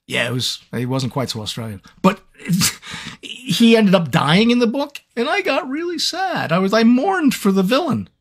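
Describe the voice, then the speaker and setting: A man's voice: sits high, normal speed. A man who narrates audiobooks, chatting playfully with fans in a live Q&A stream and telling stories. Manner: animated, playful storyteller. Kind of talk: live fan Q&A chat.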